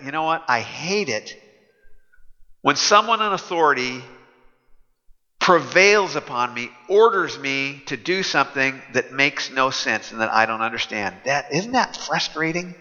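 Pastor, man, very bright voice, casual humorous sermon, echoey hall. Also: mid-range voice, expressive, a little slow, highs cut off. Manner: conversational, humorous, chuckling.

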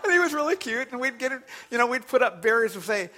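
A male pastor telling a lively story in a sermon, often laughing and jumping up in pitch, then praying in a quiet low voice. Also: fast talker, some chatter behind, slight background noise. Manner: animated storytelling, laughing, voice leaping up on quoted lines.

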